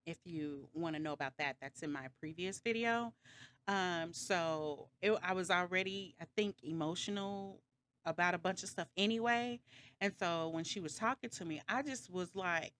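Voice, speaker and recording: A woman's voice: on the low side, moderate pace, a bit bright. A woman vlogger telling a story in a casual, rambling way, slightly dramatic and sarcastic, backtracking often with lots of fillers.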